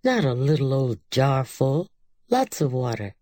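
A woman's voice: very deep voice, very animated, a little slow, dark tone, dry recording, exaggerated voice. A woman voicing a bossy, scornful girl who orders her younger sister about.

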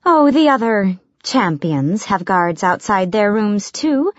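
A woman's voice: medium pitch, big pitch swings, takes it slowly, no room sound, lo-fi sound. A woman voicing a bold, motherly older woman servant who scolds and fusses. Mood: fussy, scolding. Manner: scolding, fussy.

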